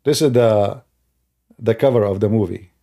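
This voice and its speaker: A man's voice: fairly low pitch, moderate pace, dark tone. A male host giving mocking, laughing commentary in a livestream, in non-native English. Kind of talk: livestreamed religious debate commentary.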